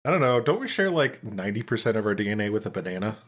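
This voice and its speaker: A man's voice: fairly low pitch, sing-song, racing. A man co-hosting a podcast, tossing in sardonic, swearing jokes. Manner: sardonic, swearing, joking asides. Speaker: podcast co-host. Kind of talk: casual chat.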